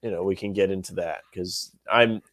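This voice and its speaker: A man co-hosting a sports podcast, talking in an opinionated, animated rant. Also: low voice, moderate pace, no echo. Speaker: podcast co-host. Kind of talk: casual sports podcast chat.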